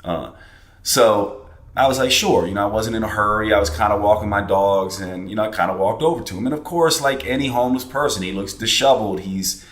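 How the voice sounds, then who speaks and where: A man's voice: fairly low pitch, brisk, fairly bright tone, echoey room. A man hosting a podcast, telling a personal story in a casual, reflective way with plenty of fillers and restarts. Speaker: podcast host.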